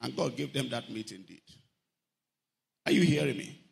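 A man preaching a lively sermon, often lifting his voice into a sing-song and asking the congregation whether they are following. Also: mid-range voice, moderate pace, vocal fry. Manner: animated preaching, sing-song emphasis, asks the congregation questions.

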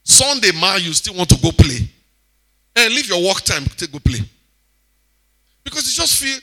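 A man with a Nigerian accent preaching a sermon in a very bright, slightly high voice. He is animated, breaking into loud exclamations and then dropping to quiet asides. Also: moderate pace. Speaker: church speaker exhorting congregation.

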